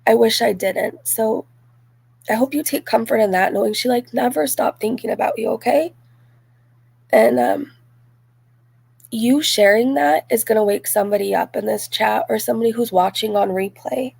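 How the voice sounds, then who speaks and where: Chatty woman with a gravelly edge. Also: fairly high pitch, moderate pace, darkish tone, no echo. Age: 40s. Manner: chatty, frequent "like" and "um", laughs easily. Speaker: live-stream host reading chat. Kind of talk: casual live-stream chat.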